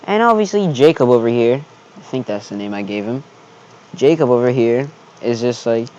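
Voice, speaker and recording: Mellow-voiced young man telling a casual story. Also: mid-range voice, very animated, moderate pace, dull audio. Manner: loose, profane storytelling with frequent 'right?' tags and laughs. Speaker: channel host telling a story.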